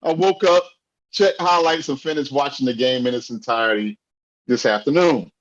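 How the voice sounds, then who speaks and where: A man co-hosting a sports podcast, ranting heatedly and often yelling. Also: mid-range voice, moderate pace, dull audio. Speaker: podcast co-host.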